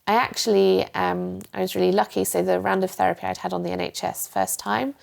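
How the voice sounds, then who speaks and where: Brisk and gravelly, her medium-pitched voice stays flat as she speaks. The young woman, appearing as a guest and working as a journalist and coach, shares her own story in a candid, reflective interview.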